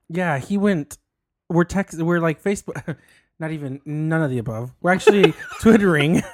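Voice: medium pitch, animated, unhurried. A podcast co-host chatting casually, teasing the other host and giggling often. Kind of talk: casual chat.

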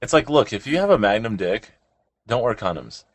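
A man's voice: lowish voice, sing-song, brisk, no echo. A young adult man co-hosting a casual podcast chat, crude and joking and laughing often. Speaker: podcast co-host.

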